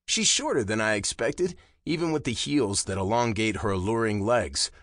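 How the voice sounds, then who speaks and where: A man narrating a romance audiobook in the first person, with a slow, low and intimate delivery. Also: a bit bright, no echo, studio quality.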